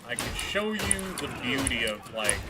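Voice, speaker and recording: A man's voice: mid-range voice, sing-song, a little slow, noisy background. A man streaming a video game, chatting in a rambling, offhand way and swearing often. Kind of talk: casual chat while gaming. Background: game music.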